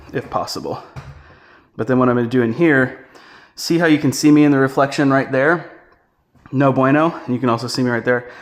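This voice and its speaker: A man giving a relaxed, chatty on-location tutorial, talking through each step while he walks through a house. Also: mid-range voice. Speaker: real estate photography instructor. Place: indoors walking through a house.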